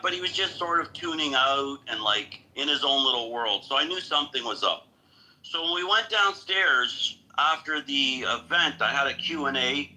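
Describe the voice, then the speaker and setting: Bright-voiced man recounting events. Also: medium pitch, poor audio. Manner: talks in plain, steady steps, with some restarts. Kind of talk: casual storytelling chat.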